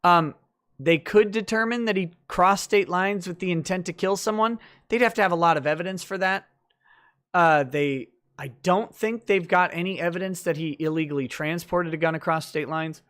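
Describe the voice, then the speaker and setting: A man's voice: sits high, moderate pace, a bit bright. A man hosting a late-night livestream, chatting loosely through viewer comments with lots of fillers and restarts.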